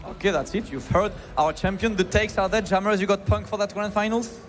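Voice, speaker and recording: A man hosting, interviewing a player in a brisk, upbeat manner. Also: high voice, faint music behind. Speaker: host interviewer. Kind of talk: post-match interview.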